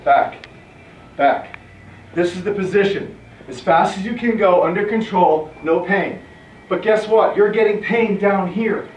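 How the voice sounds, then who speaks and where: A male fitness trainer with a high-sitting voice speaks a little slowly while leading a workout, calling short commands and counting reps aloud as he demonstrates. The recording is echoey, distant, and dull, with slight background noise.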